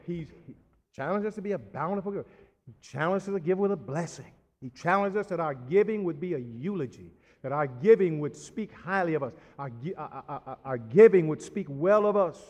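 A man's voice: high voice, animated, measured pace, pauses often, fairly bright tone. A male pastor preaching a sermon, laughing, repeating words and calling for amens. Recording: long reverb of a church hall.

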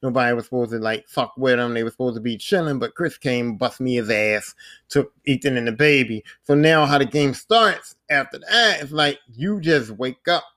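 A man's voice: medium pitch, moderate pace, bright, forceful tone. A man hosting a podcast, retelling a video game's story in a rambling, slangy way with plenty of swearing. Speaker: podcast host. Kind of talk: casual game recap.

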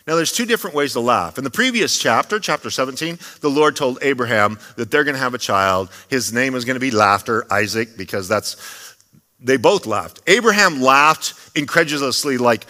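A male pastor delivers a sermon, his voice bright and forward as it rings through a church hall with a long, lingering reverb. He keeps it conversational, dropping joking asides to the congregation between points. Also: mid-range voice, lively intonation, moderate pace. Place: church sanctuary.

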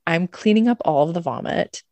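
Low-pitched woman on a podcast, swears a lot, acts out the quotes, dry close sound. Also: lively intonation, moderate pace, warm tone, no echo. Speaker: podcast co-host. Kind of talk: casual storytelling chat.

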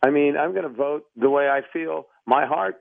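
A man on the phone who speaks earnestly and trips over his words as he restarts his sentences. His voice is a little high and comes through a dry, tinny phone line. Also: normal speed, vocal fry, no echo. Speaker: caller on the line. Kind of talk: phone conversation.

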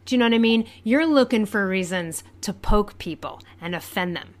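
Woman co-host, mid-pitched voice, frank and blunt, keeps asking rhetorical questions. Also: lively intonation, normal speed, a little hiss or hum. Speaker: podcast co-host. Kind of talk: casual chat.

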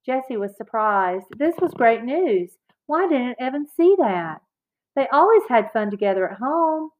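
A woman narrating a children's chapter book aloud in a clear, expressive read-aloud manner. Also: high-pitched, a little slow. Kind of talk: children's audiobook reading. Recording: slightly dull, lo-fi recording.

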